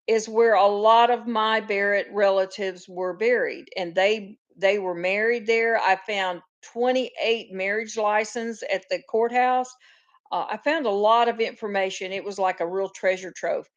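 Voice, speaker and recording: A woman with a medium-pitched voice, heard in a muffled recording, hosts a casual live farm chat. She tells long, rambling stories and greets viewers by name.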